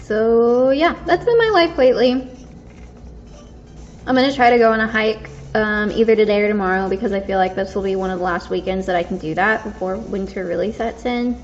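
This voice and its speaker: A woman's voice: mid-range voice, a little fast, soft background music. A young woman vlogging casually, rambling and self-conscious, full of fillers and restarts. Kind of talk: casual storytelling vlog. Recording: dull lo-fi recording.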